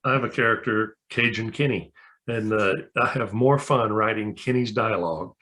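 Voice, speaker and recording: A man's voice: on the low side, moderate pace, pushed and bright, low-quality recording. A male guest author speaking eagerly and appreciatively in casual chat.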